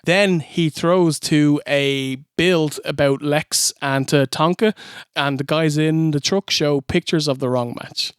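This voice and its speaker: A man, a podcast co-host, recaps a wrestling angle with comic relish. His voice is smooth and resonant and sits a little high. The sound is close and dry. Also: slow pace, no room sound. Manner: animated storytelling, mocking recaps. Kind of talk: comedic wrestling review chat.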